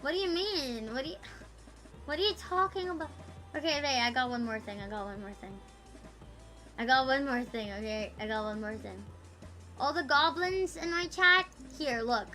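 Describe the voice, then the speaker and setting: A woman's voice: high-pitched, unhurried, pauses often, sharp tone, soft background music. A woman livestreaming, chatting casually with her viewers in a rambling, profane, playful way that teases her chat.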